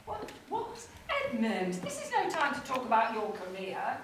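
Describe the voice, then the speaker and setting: Older woman as a high, fluttery, prim old actress, echoey hall heard from afar. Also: huge pitch swings, normal speed. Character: fussy old actress, flustered and scheming. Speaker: stage actor in an amateur play. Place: theatre stage. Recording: echoey hall, far-off mic, noise.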